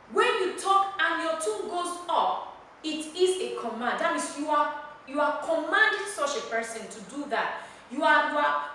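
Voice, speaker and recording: A woman's voice: sits high, sharp tone, a little hiss or hum. A woman with a Nigerian accent teaching a classroom lesson, emphatic and repeating key words as she drills the class. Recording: echoey room, mic far off.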